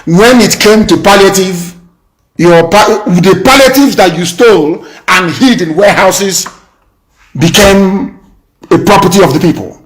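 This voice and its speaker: A man giving an impassioned political speech on a live broadcast, repeating threats and warnings and swinging from measured speech to shouting. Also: high voice, low-quality recording. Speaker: political leader addressing listeners on a live radio broadcast.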